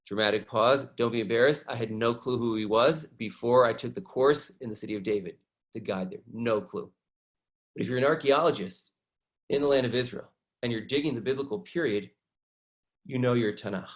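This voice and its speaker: A man teaching an online lesson from slides, animated and often checking in with listeners by asking "right?". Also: mid-range voice, fairly quick. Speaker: educator.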